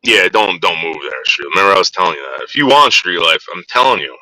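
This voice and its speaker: A man's voice: low voice, sing-song, quick pace, sharp tone, no room sound, rough recording. A man hosting a casual livestream, chatting with his viewers and teasing them in a rambling way. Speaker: livestream host.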